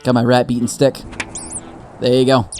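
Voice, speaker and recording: A man's voice: mid-range voice, completely flat delivery, normal speed, mellow, soft background music. A man giving casual, joking commentary while playing a game, rambling and laughing often. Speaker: gaming streamer.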